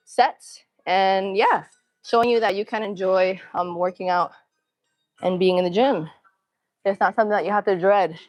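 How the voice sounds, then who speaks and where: A woman's voice: medium pitch, no room sound. Breathless young woman live-streaming from a gym. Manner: casual, chatty, counts reps and cues form between sets. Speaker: fitness streamer. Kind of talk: live gym stream chat and rep counting.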